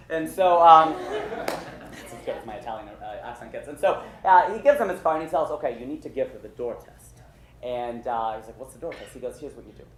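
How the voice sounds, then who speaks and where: A man telling a funny personal story live, self-mocking and lively, with lots of ums and uhs. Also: mid-range voice. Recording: echoey stage room with loud noise.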